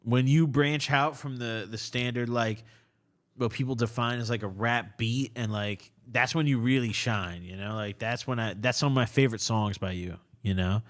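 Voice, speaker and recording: A young male podcast host, tipsy and rambling, swears and laughs frequently during a casual drunk interview. He speaks at a moderate pace with a medium-pitched voice, recorded in a small, cluttered studio corner.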